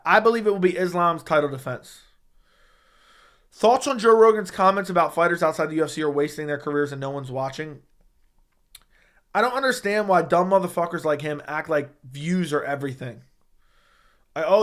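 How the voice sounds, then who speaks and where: A man with a fairly high, slightly bright voice hosts a casual MMA livestream from home, speaking into a studio dynamic microphone. He answers viewer questions bluntly and profanely, brushing off the dumb ones.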